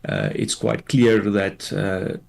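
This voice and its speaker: A man, a tax law expert, explains a court ruling in a measured way, with many fillers, in a radio news interview. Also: on the low side, steady tone, creaky.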